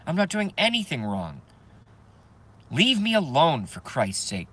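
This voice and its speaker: A man's voice: a little high, huge pitch swings, measured pace, fairly bright tone, slightly rough. A man ranting to viewers on a live stream from his parked car, swearing and agitated.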